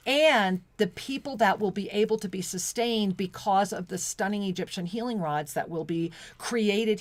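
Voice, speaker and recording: A woman co-hosting spiritual talk radio, her voice pitched in a middling range. She speaks in an effusive, devotional way and restarts her sentences often. The sound is dry and close, with no room echo. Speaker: co-host. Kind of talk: spiritual talk radio, reading chat messages.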